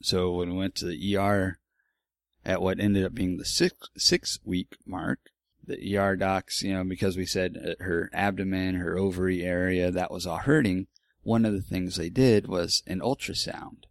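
A man's voice: sits low, steady tone, normal speed, creaky, no room sound, clean studio sound. A man in his forties telling a personal story in a casual, rambling way, candid and with some swearing. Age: 40s. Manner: rambling, candid, with profanity and restarts.

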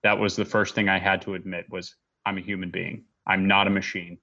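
A man in his thirties, a military veteran, giving an earnest, halting personal testimony to an audience, often pausing and restarting. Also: deep voice, flat delivery, vocal fry, bright, forceful tone, highs cut off.

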